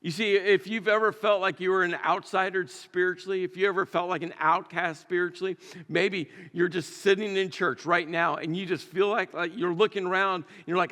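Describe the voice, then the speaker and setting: A man's voice: high-pitched, steady tone, normal speed, pushed and bright, in a large hall. A man preaching a sermon in a conversational, storytelling way, with emphatic repetitions. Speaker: pastor. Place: church sanctuary.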